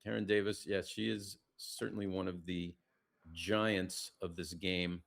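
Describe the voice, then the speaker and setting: A play-by-play commentator calls a live backgammon match in a low, gravelly voice with a steady tone and measured pace. Casual and chatty, he reads viewer shout-outs between moves. He keeps his voice hushed so the nearby players can't hear him.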